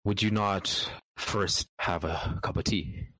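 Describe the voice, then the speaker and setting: A man voicing a calm, patient Buddhist monk who speaks slowly, gently and formally. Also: lowish voice, no echo, rough recording. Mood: gentle pleading.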